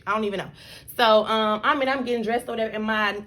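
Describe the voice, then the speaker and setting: A young woman vlogging to her camera in a casual storytelling style. Her voice is bright and forceful and sits a little high. She talks loosely and animatedly, scattering "like" and "y'all" throughout. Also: quick pace. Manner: chatty, animated, full of likes and y'all.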